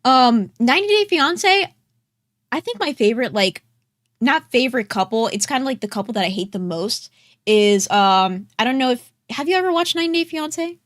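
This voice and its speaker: A woman's voice: a little high, expressive, brisk, no room sound, clean studio sound. A woman hosting a casual podcast, chatting loosely with lots of fillers and thanking viewers from the chat. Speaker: podcast host.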